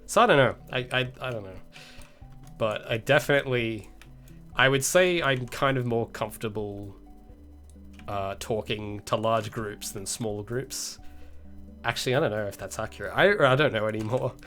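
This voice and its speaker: A man's voice: medium pitch, moderate pace, pushed and bright, soft background music. A man with an Australian accent chatting casually with viewers on an indie game dev livestream, rambling and hedging, chuckling now and then. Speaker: indie game developer streaming.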